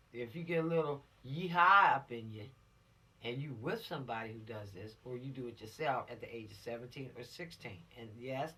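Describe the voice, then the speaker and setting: A man's voice: mid-range voice, pushed and bright, far from the mic. A man giving an informal, preachy law lesson to teenagers, repeating his points for emphasis. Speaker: law instructor for teens.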